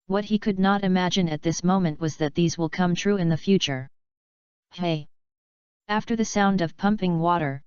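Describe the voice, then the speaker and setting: A woman narrating a fanfiction audiobook in an even, measured reading. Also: fairly low pitch, clear, resonant tone, dry recording. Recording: slightly dull, dry lo-fi recording.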